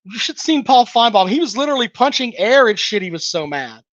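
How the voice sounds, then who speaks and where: Speaking very fast in a very high, very animated voice with a bit of brightness, a man runs a laid-back sports livestream where he reads chat and tears into the comments. Blunt and sarcastic, he curses constantly and mocks callers' opinions. The recording is dry, with the highs cut off.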